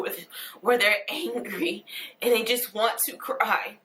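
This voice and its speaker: A young woman in a personal video monologue, tearful and earnest, pausing and restarting her sentences. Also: fairly high pitch, bright, forceful tone, low-quality recording. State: crying, tearful. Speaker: vlogger.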